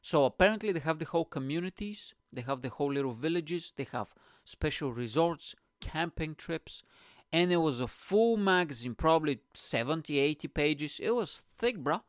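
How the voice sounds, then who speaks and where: A man's voice: a little high, lively intonation, moderate pace, no echo, studio quality. Ranting, profane male comedian. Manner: mocking, with sudden voice jumps. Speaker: comedian and podcast host. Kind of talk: solo comedy rant.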